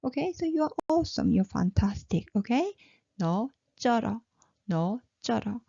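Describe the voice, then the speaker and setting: A woman's voice: fairly high pitch, very animated, fast, vocal fry, dark tone, husky, no echo. A woman teaching pronunciation, saying each syllable three times and praising her learners. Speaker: Korean language teacher. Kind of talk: slow, drilled pronunciation lesson. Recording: slightly dull, lo-fi recording.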